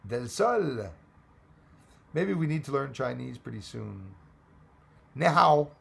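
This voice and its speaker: A man hosting a casual livestream, reading out chat names and greetings, his voice going hoarse and rambling between English, French and Spanish. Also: medium pitch, big pitch swings, slow pace, fairly bright tone. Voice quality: gravelly, hoarse voice. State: losing his voice.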